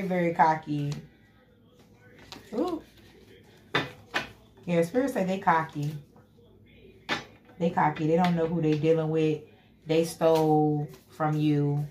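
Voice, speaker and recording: A woman giving an emphatic, repetitive tarot reading, often asking "you know what I'm saying". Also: on the low side. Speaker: tarot reader. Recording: echoey room with loud background noise.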